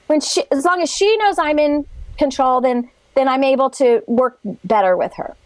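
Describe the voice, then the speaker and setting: High chatty woman explaining stuff, dry close sound, acts out quotes. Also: normal speed, no echo. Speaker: guest expert. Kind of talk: animated interview talk.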